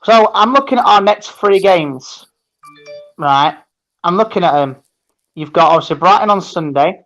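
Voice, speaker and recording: A man's voice: sits high, animated, moderate pace, fairly bright tone, muffled recording, faint music behind. A man chatting casually on a football fan show, rambling and restarting his sentences. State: tired.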